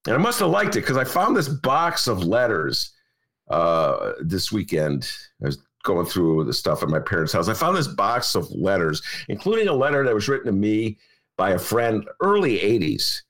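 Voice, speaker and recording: A man's voice: lowish voice, big pitch swings, normal speed, a bit bright. A man in his sixties hosting a podcast, chatting casually in a rambling, emphatic way and repeating himself. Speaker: podcast host and journalist. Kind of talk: casual chat.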